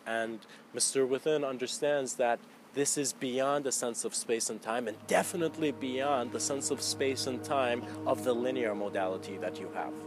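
A man giving a spiritual lecture and telling a Zen story in a slow, reflective way. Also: mid-range voice, over music. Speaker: spiritual teacher.

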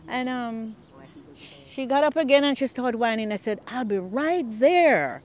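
A woman's voice: a little high, unhurried. An older woman and longtime community gardener, telling stories in a casual interview and acting out the voices she quotes, recorded outdoors in a garden. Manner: animated storyteller, acts out quoted voices.

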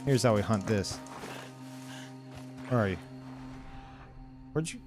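An excitable young man commentating his own gameplay for a live chat, cursing and crying out at what happens on screen. His pitch swings widely from line to line, and faint game music plays underneath. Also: slow. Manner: excitable, swears and exclaims at the game. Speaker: streamer.

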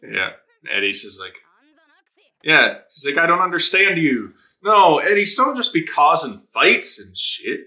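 A man reacting casually to an anime episode, excitable and laughing often, with a lot of swearing and quick put-on voices for the characters. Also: fairly high pitch.

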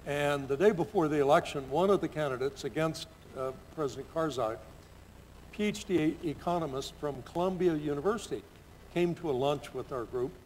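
An older man on a discussion panel, telling anecdotes in a relaxed, measured conversational way. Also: a little high. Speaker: panelist, former senator. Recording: reverberant hall with faint background noise.

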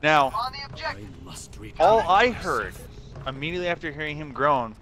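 Young guy, kinda high voice, rambling swear-filled army stories while gaming. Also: animated, measured pace, a crowd in the background. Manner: rambling storytelling with profanity and laughs. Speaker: gamer telling army stories. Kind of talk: casual chat.

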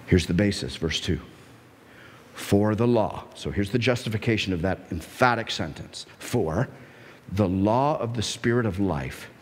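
A male pastor preaching a sermon, animated and emphatic, sometimes acting out the voices of his listeners. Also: on the low side, breathy edge, in a large hall. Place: church sanctuary.

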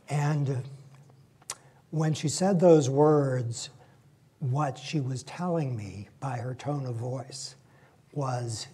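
Mellow, husky male lecturer. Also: medium pitch, extremely slow. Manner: reflective, conversational. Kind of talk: public lecture with personal stories.

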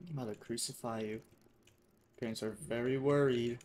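A man giving casual, profane commentary while playing a game, swinging between mutters and excited shouts. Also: mid-range voice, normal speed, long pauses, a little hiss or hum. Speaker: gamer.

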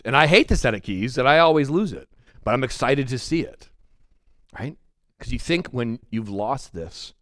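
A middle-aged male pastor giving a verse-by-verse sermon in a chatty, animated way, often checking in with "right?". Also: medium pitch, no room sound, clean studio sound. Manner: conversational, animated preaching with frequent "right?" asides. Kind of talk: expository sermon. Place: church sanctuary.

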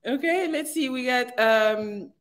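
Slow-talking woman hosting a live chat. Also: high-pitched, expressive. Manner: laughing, teasing. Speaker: host.

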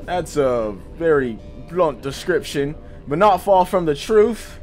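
A man's voice: a little high, expressive, slow, a little mellow, soft background music. A man voicing a self-aware video game NPC, theatrical and pompous. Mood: grandiose.

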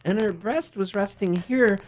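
A man's voice: high-pitched, normal speed, a little hiss or hum, low-quality recording. A man guesting in a radio studio, telling a long rambling anecdote with bursts of laughter. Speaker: musician guest. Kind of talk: storytelling on radio. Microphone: studio microphone.

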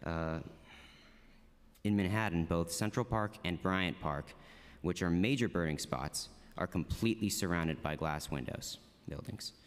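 A teenage boy earnestly reads prepared testimony in a very low, smooth voice. The chamber adds a long reverb behind him. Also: unhurried. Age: teens. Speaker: student testifying. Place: council chamber.

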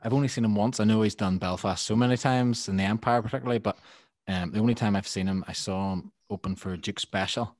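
Lively man telling stories. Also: on the low side, fast, no room sound. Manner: animated anecdotes, laughing often. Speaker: guest musician. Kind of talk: casual podcast storytelling.

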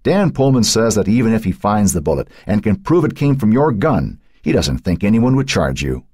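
A man voicing a calm, firm lawyer who speaks reassuringly, in an audiobook. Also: fairly low pitch, moderate pace, slightly rough, no echo, studio quality, voice pushed up. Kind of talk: audiobook character voice.

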